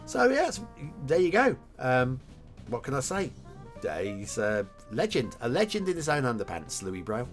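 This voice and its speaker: A man's voice: mid-range voice, wildly swooping pitch, moderate pace, faint music behind. A man hosting a game map review show, chatting enthusiastically with filler words and self-corrections. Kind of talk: casual game commentary.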